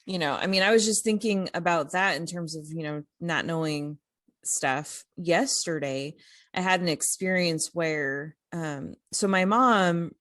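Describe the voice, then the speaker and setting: Low-voiced woman telling a story. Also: measured pace, no room sound, clean studio sound. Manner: animated, many fillers and restarts. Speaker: podcast co-host. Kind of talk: casual conversational storytelling.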